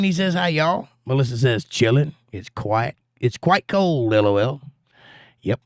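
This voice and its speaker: Here a Georgia livestream host reads viewer comments and tells folksy, joking stories in casual chat. His mid-range voice is animated yet measured in pace, and the studio-quality recording has no echo.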